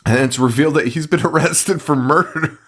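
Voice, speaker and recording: A man's voice: on the high side, fairly quick, a bit bright. A man co-hosting a horror movie podcast, giving a profane, laughing recap in casual chat. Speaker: podcast co-host.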